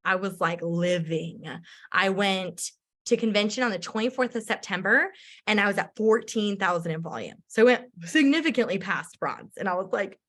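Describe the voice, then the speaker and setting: A woman, a direct-sales entrepreneur, telling a personal story in a chatty, animated way with lots of filler words. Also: mid-range voice, normal speed.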